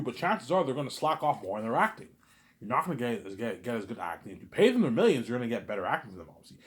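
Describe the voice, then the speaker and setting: A man rambling in a casual monologue, animated and repetitive, arguing with an imagined listener. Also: mid-range voice, fast. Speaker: vlogger.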